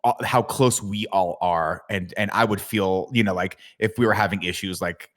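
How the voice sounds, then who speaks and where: Podcast host, male, low register, jokey plot recapper who acts out the lines. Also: steady tone, normal speed, a bit bright. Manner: laughing, swearing, acts out quotes. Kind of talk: casual chat, recapping a movie.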